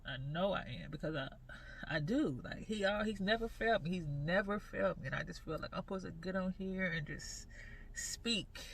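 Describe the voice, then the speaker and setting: A woman in her forties talking earnestly in a personal faith vlog, halting and repeating her phrases as she goes. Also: low voice, vocal fry, slight background noise. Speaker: vlogger.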